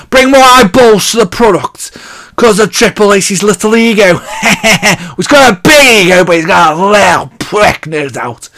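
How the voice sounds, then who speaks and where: A man's voice: high-pitched, a bit bright. A man ranting bluntly and mockingly in a casual wrestling vlog, hot and sweaty as he talks. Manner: blunt, mocking, laughs at his own jokes. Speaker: wrestling vlogger.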